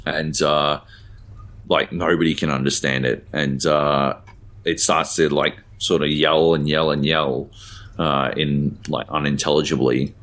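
A man's voice: very deep voice, little pitch movement, measured pace, fairly bright tone. A man co-hosting a podcast, chatting casually and rambling with lots of fillers and offhand swearing. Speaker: podcast co-host. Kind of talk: casual chat.

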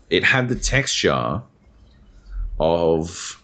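A man's voice: low voice, expressive, a little slow. A young Australian man, a podcast co-host, rambling through a casual chat and swearing freely.

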